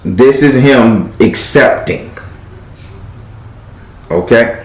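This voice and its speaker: A man's voice: medium pitch, drawn-out words. Blunt, profane man reading tarot, echoey. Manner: blunt, profane, animated, acts out quoted lines. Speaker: tarot card reader. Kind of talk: live-stream tarot reading, blunt advice.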